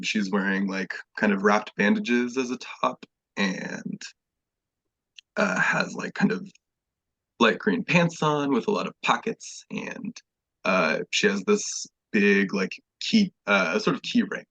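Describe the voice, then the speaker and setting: A man's voice: fairly low pitch, a bit bright, slightly rough, no room sound. A man describing his character in an online tabletop game, rambling with many fillers. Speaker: player. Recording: dull lo-fi mic.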